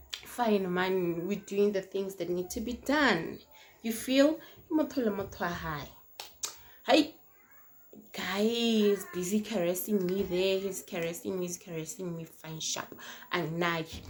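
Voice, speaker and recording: A young South African woman telling a casual storytime on her vlog, animated and slangy, swinging between loud and hushed. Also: medium pitch. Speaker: vlogger. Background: faint noise from outside.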